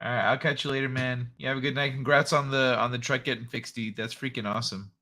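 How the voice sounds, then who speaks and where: A man's voice: medium pitch, steady tone, fast talker, pushed and bright. A man dropping in as a guest on a stream, chatting casually and rambling a little while he is tired and yawning. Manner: laid-back, rambling. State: sleepy, yawning. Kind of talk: casual chat.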